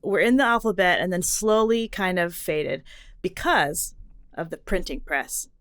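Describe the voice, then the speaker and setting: A woman co-hosting a casual podcast, explaining things in an animated way, jumping between tangents and laughing often. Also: on the low side, unhurried. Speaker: podcast co-host explaining letter history.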